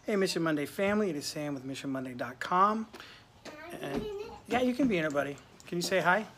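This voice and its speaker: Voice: mid-range voice, expressive, fairly quick, fairly bright tone. A podcast host in casual chat, upbeat and chatty, talking to listeners like family.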